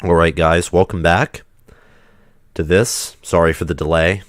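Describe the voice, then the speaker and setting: Deep-voiced sick man chatting on a livestream. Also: steady tone, a little slow, dry recording, studio quality. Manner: rambling, chatty, loose restarts. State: sick, under the weather. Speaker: livestream host. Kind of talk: casual livestream chat.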